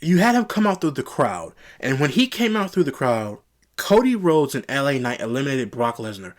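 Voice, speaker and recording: A man's voice: mid-range voice, sing-song, normal speed. Annoyed young guy rambling through a wrestling recap, keeps repeating himself. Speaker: wrestling show reviewer. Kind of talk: solo review rant.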